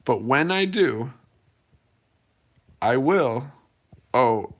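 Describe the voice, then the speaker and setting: A man's voice: mid-range voice, lively intonation, very slow. A man live-streaming from home, chatting loosely with his viewers and rambling through fillers and restarts. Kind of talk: casual live-stream chat.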